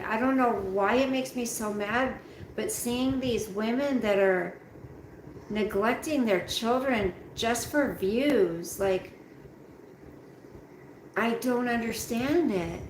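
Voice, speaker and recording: A woman's voice: a little high, reverberant, slight background noise, poor audio. A tired woman hosting a casual live chat from home, rambling and greeting viewers by name. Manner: slow, rambling, talks straight to chat by name. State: tired, yawning. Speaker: livestream host reading chat. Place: at home, roomy room.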